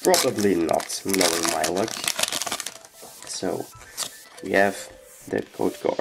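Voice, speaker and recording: A man's voice: low voice, takes it slowly, pauses often, rough recording. A man hosting a casual card-opening video, talking with a sick voice and reading out each card name in turn, with music playing behind him. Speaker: card-opening channel host. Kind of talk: casual unboxing commentary. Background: background music.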